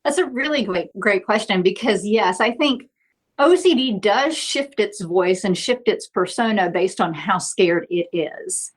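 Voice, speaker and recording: A woman's voice: medium pitch, animated, measured pace. A middle-aged woman therapist, a podcast guest, explaining earnestly and often checking in with "right?". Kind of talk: podcast interview.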